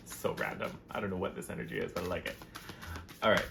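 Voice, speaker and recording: A man doing a casual tarot reading to camera, gushing and excitable about each card. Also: sits low, fast talker, gravelly, over music. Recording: noisy background hiss.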